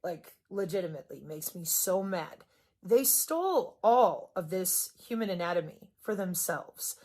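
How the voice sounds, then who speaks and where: A middle-aged woman from Wisconsin talking in an unscripted vlog monologue. She is sarcastic, swears often and swings sharply in pitch and loudness as she talks. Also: expressive, measured pace. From Wisconsin, US Midwest. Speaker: vlogger.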